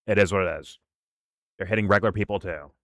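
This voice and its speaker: Heated sarcastic man, low dry voice. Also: fast talker, fairly bright tone, dry recording. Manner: heated, sarcastic, mocks others in put-on voices. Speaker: commentary show host. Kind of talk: profane political reaction commentary.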